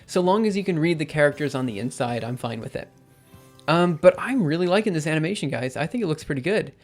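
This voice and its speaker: A man's voice: on the high side, expressive, quick pace, soft background music. Young man live coding, thinking aloud. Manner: thinks aloud with many fillers and self-corrections. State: losing his voice. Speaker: livestreaming programmer. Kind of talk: casual live coding commentary.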